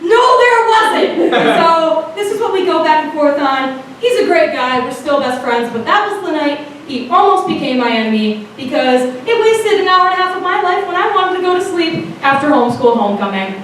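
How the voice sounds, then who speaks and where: A young woman telling a funny story on a theater stage, animated and laughing as she acts out her friends. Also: high voice, brisk, few pauses, far from the mic, a little hiss or hum. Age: young adult. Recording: very echoey theater from afar.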